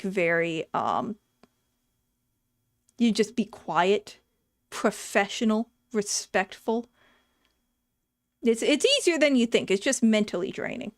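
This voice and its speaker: A woman's voice: medium pitch, a little slow, pauses often, dry recording, studio quality. A woman chatting casually and telling frank, profane stories from her past work at a vet clinic. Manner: frank, profane, animated storytelling. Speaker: streamer reading chat, former vet clinic worker. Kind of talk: casual storytelling chat.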